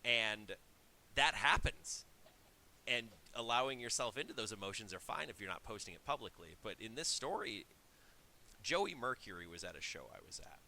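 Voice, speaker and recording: A man's voice: on the low side, expressive, normal speed, sharp tone. A man co-hosting a wrestling podcast, telling a story in a chatty way with restarts. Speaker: podcast co-host. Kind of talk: casual chat.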